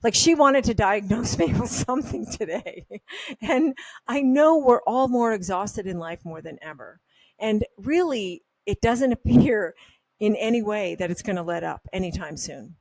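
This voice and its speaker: A woman talking to camera in a loose, rambling vlog monologue, candid and opinionated. Her voice sits at a middling pitch and the sound is dry and close, with no room echo. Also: lively intonation, a little slow, a little mellow. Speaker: health supplement brand host. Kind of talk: casual talking-head monologue.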